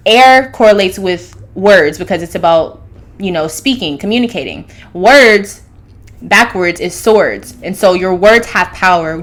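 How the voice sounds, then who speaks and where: A woman's voice: on the low side, a bit bright. A woman hosting her own astrology channel, talking casually and loosely, jumping between thoughts. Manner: loose, rambling, fillers and restarts. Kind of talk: casual monologue.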